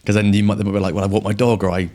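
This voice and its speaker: Fast-talking deep-voiced English podcast host. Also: male voice, little pitch movement, darkish tone. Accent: West Country English. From southwest England. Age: young adult. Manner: quick, friendly, agreeable interjections. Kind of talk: conversational interview.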